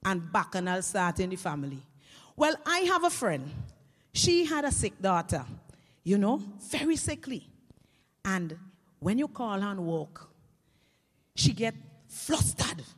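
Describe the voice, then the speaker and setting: A woman's voice: medium pitch, unhurried, long pauses. Caribbean woman telling comic stories. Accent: Caribbean English Creole. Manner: lively, chatty, swings between voices. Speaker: storyteller. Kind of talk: comic storytelling to an audience. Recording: long hall reverb.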